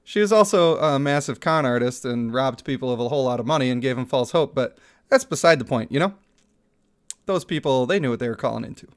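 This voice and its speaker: A man's voice: medium pitch, lively intonation, a little fast. Chatty streamer man in his thirties. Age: 30s. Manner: chatty, laughs often. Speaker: streamer reading chat. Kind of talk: casual livestream chat.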